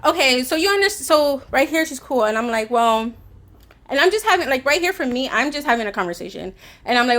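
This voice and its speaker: A woman's voice: high voice, sing-song, brisk, fairly bright tone. A woman telling a storytime vlog in a heated, swearing way, acting out both sides of an argument. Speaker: vlogger; caregiver.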